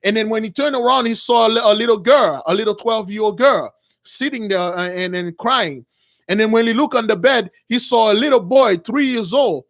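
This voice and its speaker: Man, high voice, unscripted religious storytelling, halting, repeats words, earnest and dramatic. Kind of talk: unscripted retelling of a vision.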